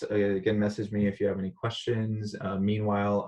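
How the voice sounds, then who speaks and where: A man teaching a recorded online lesson in a relaxed, conversational way, with frequent "uh" fillers. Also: fairly low pitch, fairly quick, few pauses.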